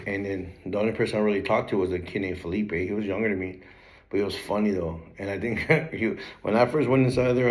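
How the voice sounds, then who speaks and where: A young man hosting his own channel, telling his life story in a relaxed, slang-heavy way with plenty of swearing. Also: low voice. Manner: laid-back street slang, swears a lot, breaks into laughter. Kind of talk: casual storytelling to camera.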